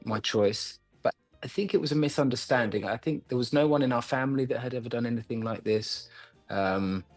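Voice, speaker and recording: Thoughtful male actor from London. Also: medium pitch. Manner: thoughtful, with frequent pauses and restarts. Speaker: actor and acting coach. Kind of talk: reflective interview answers.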